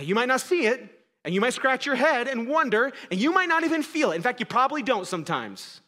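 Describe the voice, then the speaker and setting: A pastor preaches to his church in a fairly high voice that drops to near hush and then climbs to urgent emphasis. His delivery is conversational and full of small restarts. The sound carries a long hall reverb, as if captured in a church sanctuary. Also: very animated, quick pace. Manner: dramatic swings between quiet and loud; conversational, self-correcting preaching. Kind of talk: sermon.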